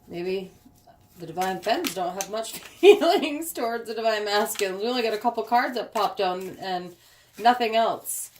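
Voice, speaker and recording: A woman reads tarot cards aloud in a relaxed, chatty way, talking her thoughts through as she shuffles and lays out the cards. Her voice sits at a medium pitch. A phone camera propped nearby picks her up over a faint hiss. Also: normal speed. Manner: chatty, thinking aloud while handling cards. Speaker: tarot card reader. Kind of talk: casual spoken tarot reading.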